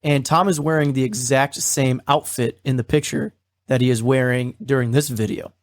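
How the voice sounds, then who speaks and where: A man's voice: mid-range voice, steady tone, moderate pace, dry recording. A man co-hosting a podcast, eagerly retelling scenes in a chatty rush. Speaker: podcast co-host. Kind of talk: casual chat.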